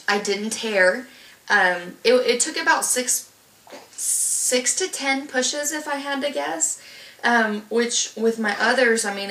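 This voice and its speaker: A woman's voice: fairly low pitch, sharp tone, reverberant, distant mic. A young woman casually telling a long personal story, rambling with lots of fillers and restarts. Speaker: vlogger telling her birth story.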